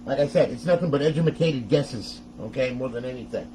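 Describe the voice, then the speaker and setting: A man's voice: medium pitch, a little fast, background noise. A middle-aged man hosting a casual step-by-step tech tutorial, chatty and often laughing as he talks to viewers.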